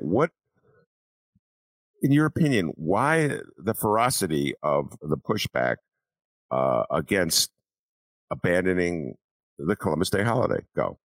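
A man's voice: deep voice, big pitch swings, unhurried, long pauses, dry recording. A man hosting a political talk podcast, rambling with many fillers and mock voices. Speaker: podcast host.

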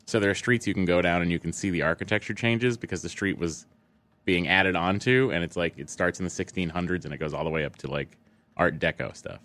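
A man from Boston chatting casually, relaxed and telling stories. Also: low-pitched, fast talker. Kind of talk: casual chat.

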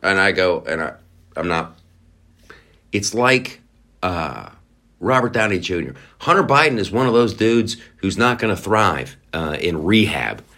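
On his podcast, a low-voiced man delivers political commentary as a profanity-laced, sarcastic rant, ridiculing people with fake voices. His delivery is very animated and unhurried, his tone sharp.

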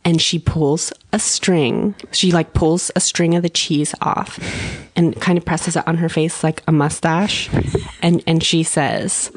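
Low-voiced deadpan woman, dry close sound. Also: a little slow, no echo. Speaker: guest playing a child psychologist. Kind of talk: improvised comedy banter.

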